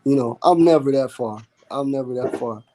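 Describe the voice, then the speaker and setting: A man speaking as a podcast guest in a relaxed, easygoing way with casual slang. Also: medium pitch, moderate pace, slight background noise. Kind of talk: casual interview talk.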